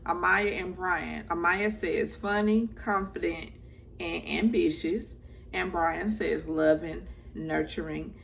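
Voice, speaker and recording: A woman's voice: on the low side, gravelly, slight background noise, rough recording. A woman, chatting casually as she recaps a reality show, playful and full of asides.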